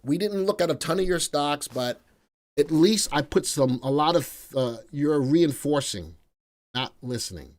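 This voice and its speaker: A middle-aged man hosting a live stock market stream, chatting energetically and playfully with viewers, even breaking into song. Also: on the high side, unhurried. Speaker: stock market analyst host.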